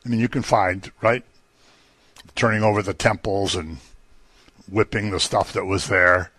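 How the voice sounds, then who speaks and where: A man's voice: lowish voice, steady tone, unhurried, sharp tone, no room sound. Dry-voiced man preaching conversationally. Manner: conversational teaching, rising emphatically on key phrases. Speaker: pastor. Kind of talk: sermon.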